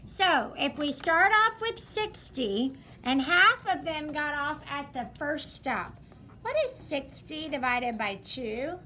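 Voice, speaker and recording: A woman's voice: sits high, expressive, slow, pushed and bright, a little hiss or hum. A woman teacher leading a math lesson in a classroom, upbeat and repeating her students' answers back to them.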